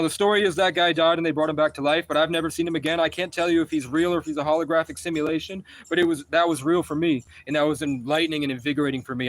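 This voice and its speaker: A man's voice: fairly high pitch, poor audio. A man on a live stream telling a personal story in a rambling, intense and profane way.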